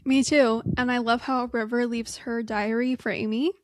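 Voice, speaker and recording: An enthusiastic young woman chats casually as a podcast co-host in a fairly high voice. The sound is dry and close, with no room around it. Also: fairly even intonation, moderate pace, no room sound. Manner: agreeable, enthusiastic, uses like often. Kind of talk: casual chat.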